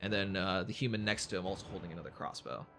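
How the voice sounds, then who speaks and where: A man's voice: low-pitched, fairly even intonation, fast talker, music in the background. A man narrating and running a tabletop game as game master, in a casual, laughing way.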